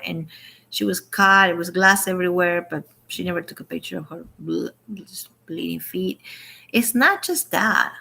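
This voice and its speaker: A woman's voice: medium pitch, sharp tone. A woman talking in a casual opinion vlog, indignant and rambling, restarting her sentences and quoting others. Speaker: vlogger.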